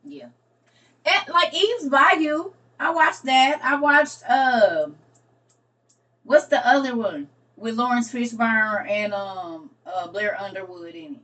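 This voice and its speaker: A woman's voice: on the high side, a bit bright. Sassy woman chatting, far from mic. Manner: sassy, drawn-out asides with lots of honey and baby. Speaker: streamer. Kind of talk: casual chat with viewers.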